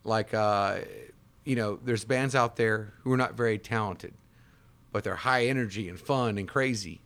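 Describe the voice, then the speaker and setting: A man talking as a guest on a radio talk show, rambling casually and slipping into quick impressions of people. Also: fairly low pitch. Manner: rambling, animated, breaks into impressions. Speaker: guest, bartender and bass player. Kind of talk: casual chat.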